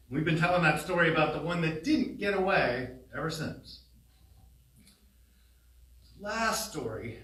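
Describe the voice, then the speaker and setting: A man telling humorous family stories in a eulogy at a funeral home, animated and laughing along, recorded from a distance. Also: a little high. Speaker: son giving a eulogy. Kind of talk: humorous memorial storytelling. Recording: roomy, distant hall sound.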